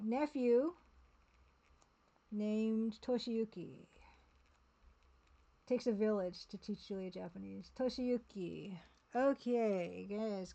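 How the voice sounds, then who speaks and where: A woman streaming a game live, talking casually and haltingly as she sounds out words one by one. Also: mid-range voice, gravelly, warm tone, dull audio.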